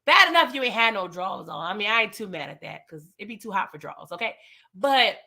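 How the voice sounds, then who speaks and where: A woman hosting a casual TV recap and review. She is animated and slangy, and talks straight to her viewers. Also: mid-range voice, fast talker, gravelly. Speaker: TV recap host.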